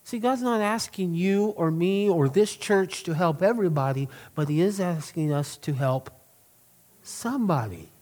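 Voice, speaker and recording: A man's voice: high voice, normal speed, hardly any pauses, a little mellow. A middle-aged man, preaching a sermon in an earnest, emphatic way and drawing out key words. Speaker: pastor.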